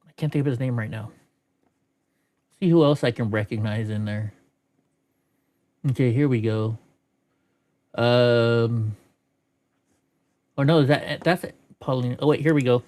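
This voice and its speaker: A man's voice: mid-range voice, a little slow, long pauses, darkish tone. A middle-aged man chatting casually on a live stream, rambling and swearing, often laughing at clips. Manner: rambling, profane, laughs a lot. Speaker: streamer host.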